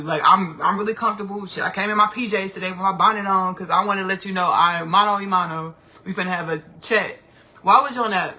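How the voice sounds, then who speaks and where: A woman hosting a casual livestream, talking in an animated, rambling, slangy way and repeating herself often. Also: medium pitch, slight background noise. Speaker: podcast host.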